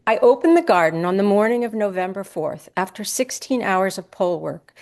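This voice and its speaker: A woman reading a personal essay aloud at a live event, crisp and brisk, brightening when she quotes people. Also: mid-range voice, animated. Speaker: essay reader.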